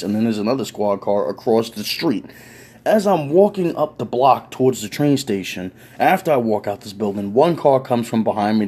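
A man's voice: mid-range voice, warm tone, slightly rough. A man telling a story from his own life in a casual, conversational way, wry and full of swearing.

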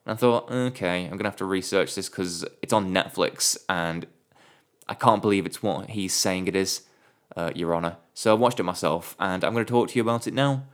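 A man who blogs about movies, telling comic stories in a sardonic, sweary way and putting on quick voices for the people he quotes. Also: low voice. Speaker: movie blogger. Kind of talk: comedic storytelling monologue.

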